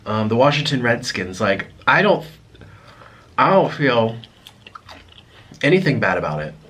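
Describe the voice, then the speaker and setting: A man vlogging to camera, talking in a reflective, apologetic way with many restarts, pausing to eat. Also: mid-range voice, sing-song, fairly bright tone, husky. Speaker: mukbang vlogger. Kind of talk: casual confessional talk to camera.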